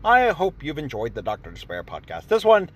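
A man's voice: on the high side, huge pitch swings, a little fast. A man hosting a podcast, rambling sarcastically and acting out imagined exchanges in a casual monologue. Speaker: podcast host.

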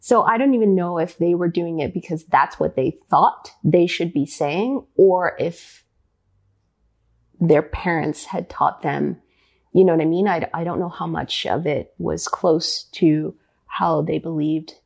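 A woman, a ballet dancer, answering interview questions in a thoughtful, halting way, often searching for words. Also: on the low side, vocal fry. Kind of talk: interview conversation.

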